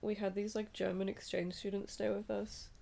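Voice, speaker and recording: Sleepy aussie girl in her 20s chatting on a podcast, low gravelly voice, kinda dark and mellow. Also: normal speed. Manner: relaxed, chatty, swears and giggles. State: sleepy late at night. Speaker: podcast co-host. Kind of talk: casual chat.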